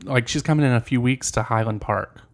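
A man's voice: medium pitch, brisk. A man chatting casually as a podcast co-host, mostly giving short replies and dry quips. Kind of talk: casual chat.

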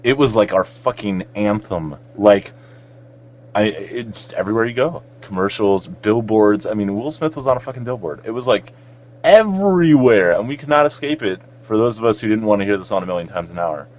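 A man's voice: lowish voice, lively intonation, normal speed. A man from South Florida co-hosting a podcast, joking around and swearing freely in casual banter. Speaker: podcast co-host.

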